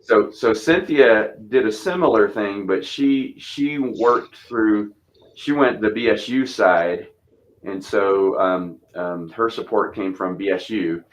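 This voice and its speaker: Speaking slowly through a low-quality recording, a Texas pastor in his fifties tells stories about church missions. His low voice carries a light twang, and he rambles in a relaxed way, circling back with restarts and fillers.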